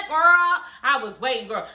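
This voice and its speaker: A young woman recapping a reality show in a sassy, profane, animated way. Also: a little high, reverberant. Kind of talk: casual reaction recap.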